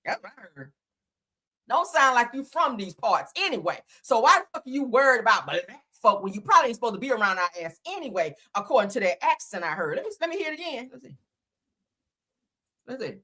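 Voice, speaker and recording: A woman livestream host talks bluntly and profanely, laughing often as she goes. Her voice is bright and sharp, and her pitch swings widely. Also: big pitch swings, brisk, slightly rough. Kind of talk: casual livestream commentary.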